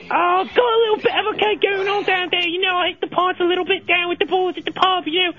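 A rough, unkempt middle-aged British woman rambles crudely down the line in a very high, shrill voice, as a man puts her on. She is brash and bawdy, full of fillers. The sound is slightly muffled, like an old radio broadcast. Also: steady tone, fast talker, bright, forceful tone. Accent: put-on British. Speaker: caller. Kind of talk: comic radio bit.

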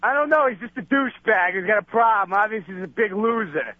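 A man's voice: sits high, lively intonation, fast talker, no room sound. Agitated ranting man on a tinny phone line. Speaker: caller on the radio show. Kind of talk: casual phone-in.

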